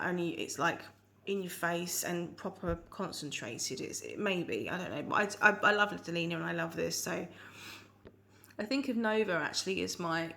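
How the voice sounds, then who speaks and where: A woman's voice: lowish voice, gravelly, a bit bright. A woman with a Surrey accent chatting casually through a perfume review, rambling with frequent ums and restarts. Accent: Surrey English. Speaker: fragrance reviewer.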